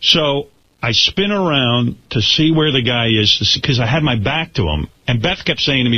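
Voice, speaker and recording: A man hosting a radio talk show, telling a story with animated delivery, acting out what people said and restarting his words as he goes. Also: medium pitch, moderate pace, slight background noise. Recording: slightly dull radio broadcast sound.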